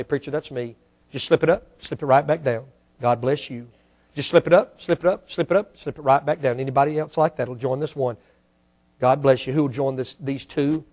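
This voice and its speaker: A male pastor preaching a sermon and leading an altar call in a church, swinging from loud fiery preaching to soft pleading prayer. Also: medium pitch. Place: church sanctuary.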